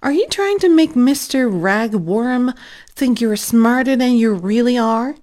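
A woman's voice: lively intonation, measured pace, darkish tone. A woman voicing a cheeky little girl who teases and whines, in a storybook reading. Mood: teasing. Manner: shrill, teasing.

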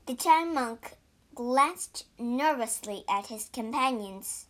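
Slow, high-voiced woman reading a story. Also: expressive, fairly bright tone. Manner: slow, clear, deliberate. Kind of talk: storybook reading for English learners.

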